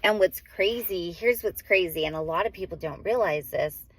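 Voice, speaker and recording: A woman's voice: fairly low pitch, moderate pace, husky. A woman in her forties, a mother vlogging, talks to the camera in a heartfelt, rambling way, full of "like" and self-corrections and getting emotional. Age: 40s. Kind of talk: heartfelt casual talk to camera.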